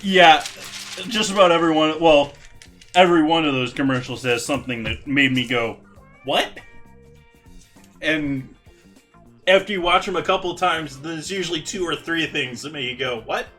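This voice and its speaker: Bright-voiced man hosting a cooking stream. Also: a little high, moderate pace, soft background music. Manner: talks to chat while cooking, loose and chatty. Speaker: cooking livestream host. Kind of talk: casual live cooking chat.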